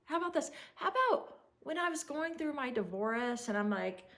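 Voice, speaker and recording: A woman in her forties telling stories to the camera in a chatty, animated way, laughing often and acting out what people said. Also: sits high, normal speed. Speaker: vlogger. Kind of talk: casual storytelling to camera.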